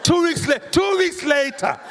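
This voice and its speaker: A man, a pastor preaching a sermon with humorous, animated storytelling and rhetorical questions. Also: very high voice, a little slow, some chatter behind. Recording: reverberant hall, faint room noise.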